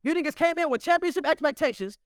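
A man in a heated casual sports argument, loud and profane, repeating himself insistently. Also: extremely high pitch, quick pace, no room sound, clean studio sound. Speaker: sports debater.

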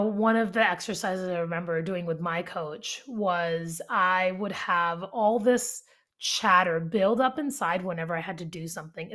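A young adult woman who works as a life coach chats casually on her solo podcast, her voice fairly low. She's animated and talkative, packing her speech with fillers and acted-out quotes.

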